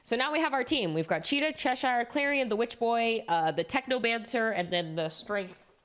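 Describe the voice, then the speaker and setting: A woman's voice: on the high side, animated, moderate pace, fairly bright tone. A woman streamer chatting casually and enthusiastically about comics, swearing freely as she talks.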